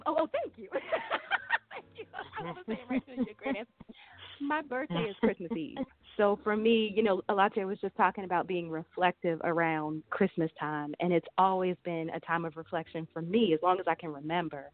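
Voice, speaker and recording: A woman's voice: fairly low pitch, no echo. Earnest woman guest on a tinny phone line. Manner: warm, earnest, faith-driven. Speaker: guest singer. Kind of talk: casual radio interview.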